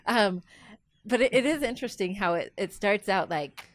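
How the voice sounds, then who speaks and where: A woman co-hosting a casual podcast, reflective and measured, a little self-mocking. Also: medium pitch, animated, no echo. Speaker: podcast co-host.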